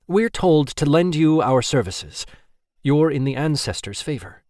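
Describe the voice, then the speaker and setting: A man's voice: fairly high pitch, big pitch swings, a little mellow, dry recording, studio quality, pitched above the performer's own voice. A man voicing a pompous male warlock leader who speaks in a stiff, formal way. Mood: haughty. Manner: stiff, measured, self-important.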